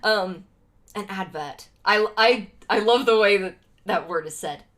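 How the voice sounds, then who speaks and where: A woman's voice: medium pitch, measured pace, a bit bright. A young American woman chatting casually with viewers on a livestream, rambling with lots of fillers. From United States.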